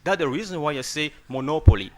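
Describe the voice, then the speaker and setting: A man's voice: on the high side, expressive, fast, a crowd in the background. A man hosting a radio English lesson, emphatic and preachy, tagging nearly every sentence with "okay?". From Democratic Republic of Congo. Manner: emphatic, preachy teacher, often gets louder to stress a point. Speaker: English teacher and radio host.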